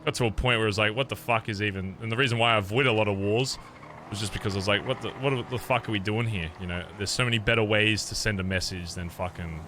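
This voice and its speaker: A man's voice: fairly low pitch, quick pace, pushed and bright, slight background noise. A man talking in character as a biker club leader in an online role-play game, rambling and swearing freely as he lays out his plans. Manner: profane, rambling, fired-up pep talk.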